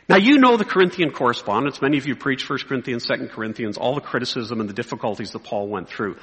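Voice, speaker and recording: A middle-aged man preaching to fellow pastors, animated, swinging from loud exclamations to quiet asides. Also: fairly high pitch, husky. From North America. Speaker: speaker addressing pastors. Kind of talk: preaching talk to clergy. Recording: reverberant hall.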